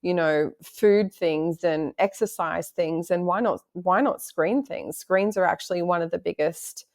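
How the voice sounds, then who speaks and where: A woman guest on a podcast, speaking in a calm, reflective, explanatory way. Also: on the low side, measured pace. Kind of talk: casual conversational interview.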